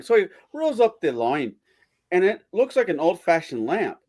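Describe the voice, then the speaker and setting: A man's voice: high-pitched, big pitch swings, moderate pace, darkish tone. A man streaming, chatting casually and telling crude jokes, swearing freely and acting out the voices in them. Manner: rambling, swears freely, acts out joke voices.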